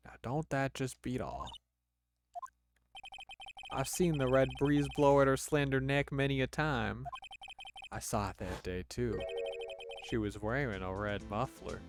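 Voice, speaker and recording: A man's voice: mid-range voice, unhurried, pauses often, over music, close to an everyday voice. A man voicing a folksy, easygoing Texan cowboy detective with a put-on Southern drawl.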